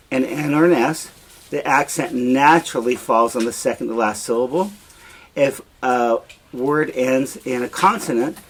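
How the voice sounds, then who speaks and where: A man teaching a Spanish grammar lesson, explaining slowly and repeating each example in both languages. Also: medium pitch, a bit bright, poor audio. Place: home, dogs nearby.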